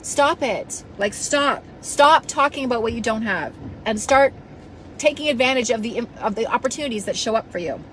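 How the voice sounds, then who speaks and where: A woman's voice: fairly high pitch, animated, moderate pace, slight background noise, low-quality recording. A woman coach giving a passionate, blunt motivational talk to her followers, scolding them now and then and swearing casually. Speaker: self-help coach.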